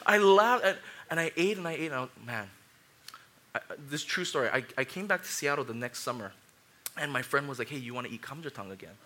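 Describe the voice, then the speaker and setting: A man, likely in his thirties, preaching a sermon as a pastor, telling personal stories with lively swings from loud excitement to quiet, somber reflection. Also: a little high, brisk.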